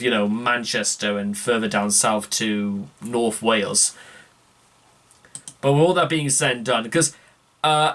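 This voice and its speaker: A man, hosting a music reaction video in a rambling, self-correcting, chatty way. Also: mid-range voice. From northeast England. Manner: rambling, self-correcting, keeps calling out "ladies and gentlemen". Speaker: music reaction channel host. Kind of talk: casual reaction commentary.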